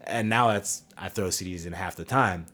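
A man in his thirties hosting a podcast, chatting in a relaxed and rambling way and swearing casually. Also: sits low, moderate pace. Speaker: podcast host. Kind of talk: casual chat.

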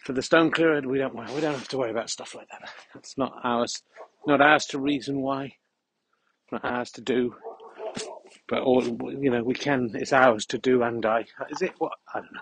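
A man rambles along in a dry, mock-serious monologue, keeping a deadpan tone through his asides. He talks outdoors on a country walk with a dog. A faint hiss of background noise sits under the voice. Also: medium pitch, moderate pace, rough recording. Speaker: podcast host.

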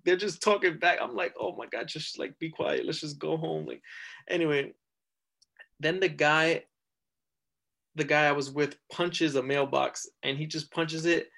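A man's voice: a little high, a little slow, gravelly. A man, a podcast guest telling a story casually, rambling and leaning heavily on filler words. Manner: rambling, heavy use of "like", lively retelling.

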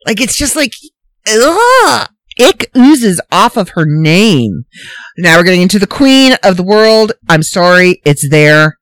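A woman hosting a casual solo podcast, ranting in an animated, incredulous, rambling way. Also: a little high, a little slow, dry recording. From Canada. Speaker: podcast host.

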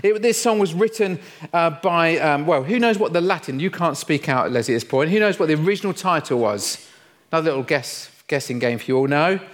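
A man's voice: on the high side, expressive, fairly quick. A middle-aged man, preaching a humorous sermon in a playful, self-mocking storytelling way. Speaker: pastor.

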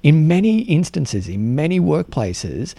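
A man with an Australian accent hosting a solo podcast, talking earnestly and haltingly with many restarts and repeated words. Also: fairly high pitch, big pitch swings, creaky, mellow, breathy edge, no echo. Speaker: podcast host.

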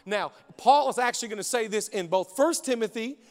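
A male pastor preaching a sermon with rhythmic repetition, swinging between shouted peaks and hushed stretches. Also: sits high, a little fast, long reverb tail. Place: church auditorium.

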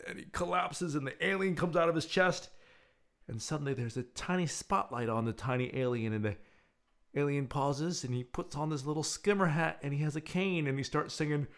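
A male radio host in a loose, chatty monologue, his pitch swinging widely as he tells a story. He sits at a middling pitch and acts out the scenes he describes with lively energy. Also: a little fast.

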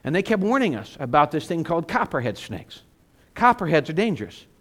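Lively high-voiced male pastor preaching. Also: a little fast. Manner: animated storytelling with self-mocking humor. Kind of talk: sermon.

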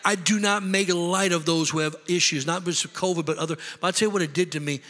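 A man's voice: high voice, steady tone, fast, sharp tone. A middle-aged man preaching a sermon as pastor, impassioned and conversational, repeating himself for emphasis. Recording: long hall reverb.

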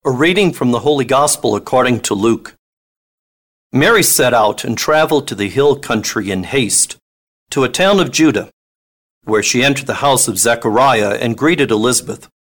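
A man giving a measured, solemn liturgical reading of scripture. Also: mid-range voice, lively intonation, a bit bright. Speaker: scripture reader.

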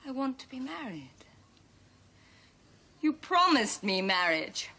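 A scheming noblewoman in a televised period drama, possessive and quick to rage. Her voice sits high and rings bright and sharp. She spits out insults with real venom. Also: very animated, exaggerated voice. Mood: pleading. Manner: vehement, spitting insults.

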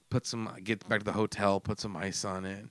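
A man in his forties with a smooth, resonant voice tells a rambling, profanity-laced story. He acts out his own mishap with lively energy. The sound is dry and close. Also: on the low side, moderate pace, no room sound. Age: 40s. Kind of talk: casual storytelling chat.

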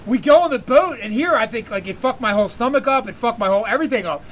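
A man's voice: extremely high pitch, lively intonation, fast talker, a bit bright, a little hiss or hum. A man hosting a podcast, telling a long profane story in a rambling casual way and laughing often. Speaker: podcast host.

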